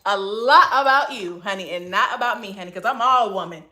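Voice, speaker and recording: A woman's voice: medium pitch, brisk, sharp tone. A woman hosting a casual livestream from her phone, reading comments and answering in a sassy manner, calling everyone honey. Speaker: livestream host.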